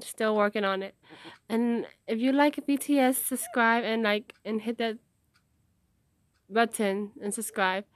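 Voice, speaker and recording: Woman, slightly high voice, under the weather with a cough, rambling reaction-video chatter. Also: no room sound, studio quality. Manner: rambling, chatty, easily excited. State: sick with a cough. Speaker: YouTuber reacting to music videos. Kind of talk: casual reaction commentary. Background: loud music from the video she watches.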